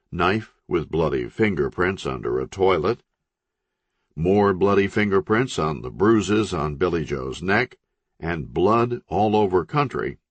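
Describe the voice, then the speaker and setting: Deep, husky male audiobook narrator. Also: no echo. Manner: expressive, dramatic storytelling. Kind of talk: audiobook narration of crime fiction.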